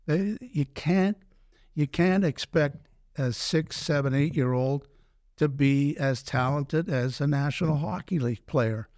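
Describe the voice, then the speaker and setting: An older man, a former pro hockey player telling animated stories in an interview, acting out quoted dialogue and often restarting his sentences. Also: a little high, a little slow, dry recording, studio quality. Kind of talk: storytelling in a podcast interview.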